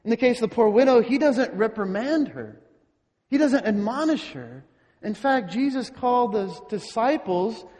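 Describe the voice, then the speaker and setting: High-voiced preacher in a reverberant hall. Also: male voice, darkish tone. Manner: slow, deliberate preaching with rhetorical questions. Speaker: pastor. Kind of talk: sermon. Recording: long reverb in a large hall.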